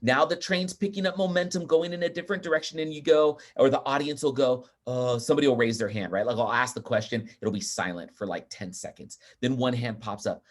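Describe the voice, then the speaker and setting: A man speaking as a podcast guest, talking in an energetic, emphatic and chatty way. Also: mid-range voice, a little fast, hardly any pauses. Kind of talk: casual interview talk.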